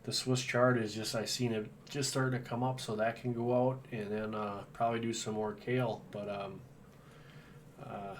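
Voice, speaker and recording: Low-voiced man chatting from a distance. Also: level tone, normal speed. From Wisconsin. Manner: easygoing, rambling with fillers. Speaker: homestead channel host. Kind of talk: casual livestream chat. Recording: distant mic with faint background noise.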